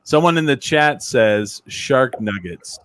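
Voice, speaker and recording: A man hosts a casual live online chat show over a call. He keeps things joking and loose and keeps dropping into goofy put-on voices. His pitch sits in the middle. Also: lively intonation, takes it slowly, fairly bright tone, smooth, dry recording. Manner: joking, puts on silly voices. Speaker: podcast host.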